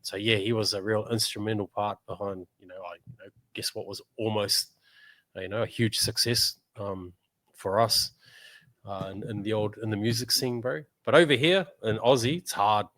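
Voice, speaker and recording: A man's voice: fairly low pitch, steady tone, normal speed, a bit bright, no echo. A man with a New Zealand accent, a musician guest chatting casually, laid-back, laughing often and saying "bro" a lot. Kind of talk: casual chat.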